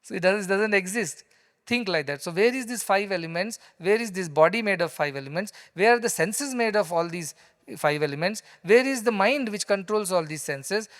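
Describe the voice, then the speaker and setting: A man's voice: sits high, animated, normal speed, fairly bright tone. A man with an Indian English accent giving a conversational spiritual discourse, explaining with stories and emphasis. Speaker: spiritual teacher. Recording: long hall reverb.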